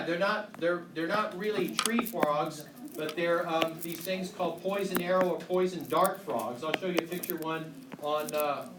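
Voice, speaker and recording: A man teaches a university biology class in a casual, joking way, tossing questions to the students. His voice sits a little high. He is picked up from a distance in a roomy, echoing lecture hall with clear background noise. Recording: echoey hall from far off, noisy.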